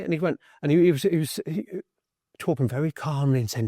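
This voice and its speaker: A middle-aged man, a former Royal Marine, candidly recounting his experiences in a blunt, animated way. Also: a little high, fast talker, no echo, studio quality. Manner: blunt, animated, swears freely. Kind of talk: candid personal storytelling.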